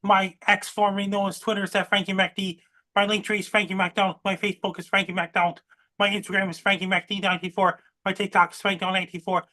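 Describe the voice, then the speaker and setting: A man with a very high voice gives an earnest weather forecast on a comedy show. He repeats himself and reads long lists in a flat, narrow sing-song. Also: fast talker, dry recording, clean studio sound. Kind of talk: earnest scripted-style forecast.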